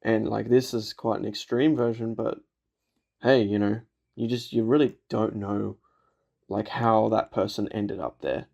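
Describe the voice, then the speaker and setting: A man's voice: fairly low pitch, steady tone, unhurried, vocal fry, warm tone, dull audio. A man giving a casual movie reaction commentary, laughing often, swearing and filling with "like" and "you know".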